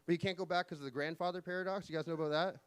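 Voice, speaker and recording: High-pitched man doing stand-up. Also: smooth. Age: 40s. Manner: deadpan one-liners with quick pitch jumps for punchlines. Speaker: stand-up comedian. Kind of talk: stand-up comedy set. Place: live comedy venue.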